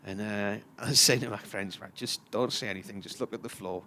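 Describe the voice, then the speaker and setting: A man's voice: on the low side, brisk, sharp tone, a little hiss or hum. A man, commentating on live cricket and telling a long, chatty anecdote. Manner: chatty storyteller, puts on voices for characters in his tales.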